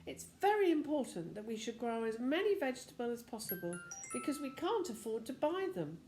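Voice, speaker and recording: A woman's voice: a little high, very animated, brisk, warm tone, echoey room, faint music behind, pitched above the performer's own voice. Older woman as a stern father in a storybook, worried about money.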